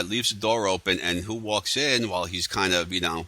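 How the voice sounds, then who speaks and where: A man's voice: sits low, fairly even intonation, moderate pace, pushed and bright, no echo. A man casually recapping a TV episode on his own, rambling with lots of fillers and sarcastic asides. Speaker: TV recap vlogger.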